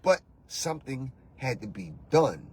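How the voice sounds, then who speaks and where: A man's voice: mid-range voice, big pitch swings, measured pace, darkish tone, breathy edge. A man hosting a show as a spiritual coach, giving an emphatic motivational talk full of repeated phrases and rhetorical questions. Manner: talks straight to the listener with rhetorical questions. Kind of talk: motivational monologue.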